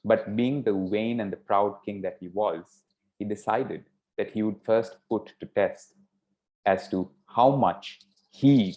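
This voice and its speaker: A man telling a story in a slow, measured, inspirational talk, with a lowish voice. The sound is dull and lo-fi. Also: warm tone. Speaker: speaker at a yoga festival.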